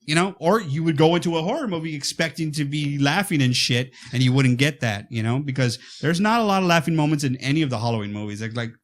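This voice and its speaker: A man co-hosting a horror podcast, casually and excitedly retelling a movie and acting out its lines. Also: a little high, quick pace, few pauses. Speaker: podcast co-host.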